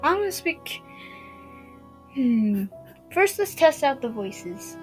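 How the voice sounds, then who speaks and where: Young woman podcast host, giggly, high voice with faint music behind. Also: big pitch swings, slow pace, long pauses, a little mellow, poor audio. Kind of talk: casual chat, giggly.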